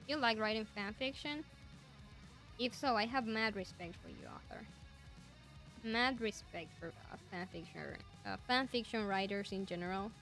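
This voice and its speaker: Young woman streamer, native Spanish speaker with an accent, crisp and bright tone, eager rambling chat. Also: fairly high pitch. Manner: enthusiastic, rambling. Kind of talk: casual chat with viewers.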